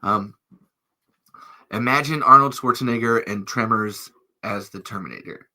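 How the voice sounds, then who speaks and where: Male podcast host, rambly and giggly, very bright tone. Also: on the low side, normal speed. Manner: rambling, animated, laughs often. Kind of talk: casual chat.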